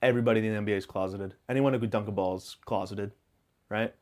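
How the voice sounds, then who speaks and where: A man hosting a podcast, rambling through a self-mocking comic monologue full of absurd tangents and deadpan hot takes. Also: on the low side, fast. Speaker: podcast host.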